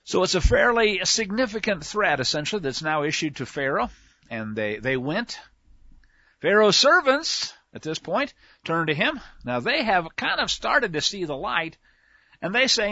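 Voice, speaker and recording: A man's voice: high-pitched, big pitch swings, moderate pace, pushed and bright, no echo. A man teaching scripture verse by verse in a casual, folksy way, with slang asides. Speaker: Bible teacher. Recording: dull lo-fi, dry sound.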